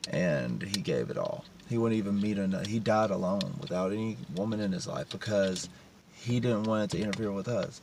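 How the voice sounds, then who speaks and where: A man's voice: low-pitched, fairly quick, vocal fry, a little mellow. A man talking in a raw, emotional personal confession, blunt and profane. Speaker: vlogger. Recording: distant mic with vehicle noise.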